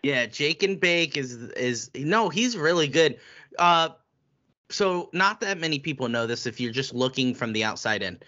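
A man's voice: on the high side, animated, unhurried, sharp tone, highs cut off. A man co-hosting a podcast, chatting casually about sports with playful, teasing banter. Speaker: podcast co-host.

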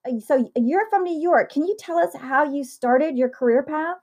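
A woman's voice: high voice, normal speed, darkish tone. A woman hosting an interview, playful and teasing, who laughs often. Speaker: interview host. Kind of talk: casual interview chat.

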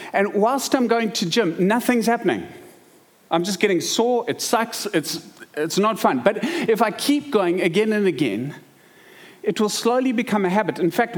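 A man with a South African accent preaching a sermon, mixing scripture with lively stories and humor. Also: high-pitched. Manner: lively storytelling, quick asides and humor. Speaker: pastor.

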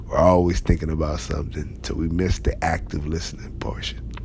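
A man with a bass voice whispers in a level, darkish tone at a brisk pace. He's a motivational speaker giving a conversational talk to leaders, speaking emphatically and repeating key phrases.

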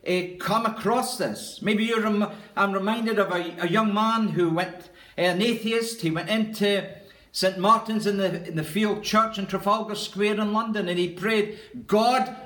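In an echoey church room, a male pastor with a high, slightly bright voice preaches a sermon. He is earnest and emphatic, repeating key phrases to give them weight.

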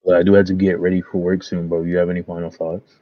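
A man's voice: low voice, monotone, fast, dry recording. A man as a podcast guest in casual chat, laid-back and saying "bro" constantly. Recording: dull dry lo-fi sound.

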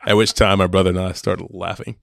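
A man's voice: sits low, little pitch movement, quick pace, vocal fry, fairly bright tone, no room sound, studio quality. A man chatting casually, telling family stories with frequent laughter and acted-out quotes. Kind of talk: casual storytelling chat.

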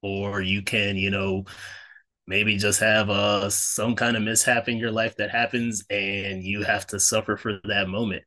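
This podcast co-host has a fairly low, level voice with a sharp edge, and he talks a little slowly. His manner is casual yet earnest as he uplifts listeners with faith-centered remarks, often using fillers and correcting himself.

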